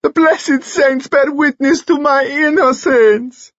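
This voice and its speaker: A man's voice: moderate pace, slightly rough, no room sound, muffled recording, natural voice. A man voicing a sleek, theatrical foreign suspect who screams and sobs his innocence in an audiobook. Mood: hysterical. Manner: shrill, sobbing protests.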